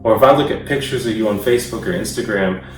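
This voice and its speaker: A man's voice: fairly low pitch, fast, recorded from a distance. Guy giving a chill youth sermon, echoey room, faint guitar music in the back. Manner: conversational, repetitive rhetorical lists, occasional chuckles. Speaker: guest youth speaker.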